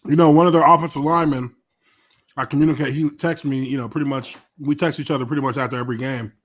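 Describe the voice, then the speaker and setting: A man's voice: mid-range voice, fairly even intonation, quick pace. A man hosting a casual livestream, telling stories in a laid-back, profane way and laughing often. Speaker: livestream host, former football player.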